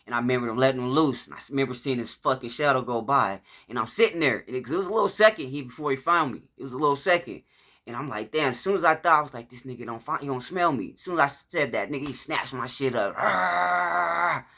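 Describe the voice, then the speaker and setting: Male storyteller, casual profane monologue, bright and sharp voice, mid pitch. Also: fast talker. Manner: profane, rambling, acts out shouts and quotes. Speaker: vlogger telling his life story.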